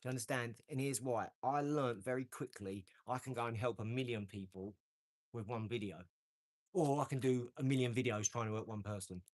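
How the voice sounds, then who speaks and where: Speaking fairly quickly at a medium pitch, a male livestream host gives casual motivational talk built on emphatic, repeated phrases. The recording has no echo.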